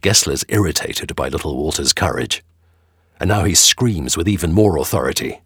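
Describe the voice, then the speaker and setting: A man narrating a dramatic audio storybook with expressive storytelling. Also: extremely low pitch, moderate pace, husky, dry recording, clean studio sound.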